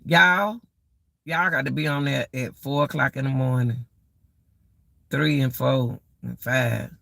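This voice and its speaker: A middle-aged woman hosts a live stream and rants to her viewers in a slow, drawn-out way. Her voice is gravelly with a bright, tense edge. The sound is dry, and she keeps circling back to the same exclamations. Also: a bass voice, steady tone, no echo. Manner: exclaiming, repeats herself, addresses viewers as y'all. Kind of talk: casual live-stream rant.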